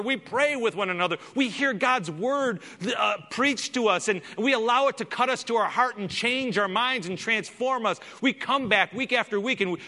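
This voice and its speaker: A male pastor preaches emphatically and keeps firing rhetorical questions. His voice is high and bright. The sermon rings out with a long hall reverb. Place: church sanctuary.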